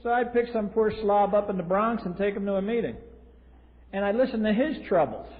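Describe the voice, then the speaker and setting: A man's voice: high voice, lively intonation, brisk. Blunt, wry man on an old hall tape. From US East Coast. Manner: blunt and wry, with dry humor. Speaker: recovery meeting speaker. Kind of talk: personal recovery story at a podium. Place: large convention hall. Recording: tinny lo-fi 1980s tape in a reverberant hall.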